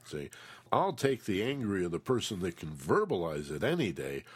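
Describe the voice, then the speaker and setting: Co-host: man, very low husky voice, lively pitch, emphatic advice-giver. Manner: slow, emphatic, acts out quoted feelings. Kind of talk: relationship advice talk.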